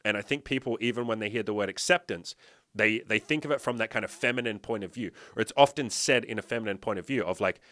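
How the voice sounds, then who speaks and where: A man talks straight to his viewers in a blunt, swearing, emphatic way and keeps hitting them with rhetorical questions. His pitch sits in an ordinary middle range for a man. The recording is dry, with almost no room sound. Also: pushed and bright, no room sound. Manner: blunt, profane, emphatic lecturing. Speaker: dating and fitness coach. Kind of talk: direct-to-camera motivational talk.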